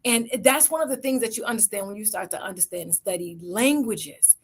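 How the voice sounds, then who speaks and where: A woman's voice: mid-range voice, lively intonation, a little fast, husky. A middle-aged woman giving a motivational talk as an event speaker, telling stories and acting out the voices of the people in them. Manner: storytelling, acting out quoted voices.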